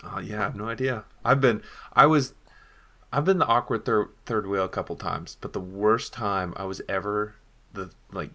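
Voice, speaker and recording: A man's voice: lowish voice, moderate pace, pushed and bright. A young adult man co-hosting a podcast, telling stories in casual chat and acting out the lines he quotes. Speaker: podcast co-host.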